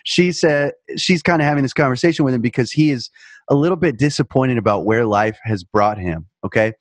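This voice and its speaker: A man's voice: mid-range voice, brisk, dry recording. A man in his thirties hosting a podcast, reviewing a movie in a wry, joking tone, with fillers. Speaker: podcast host. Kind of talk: casual movie review chat.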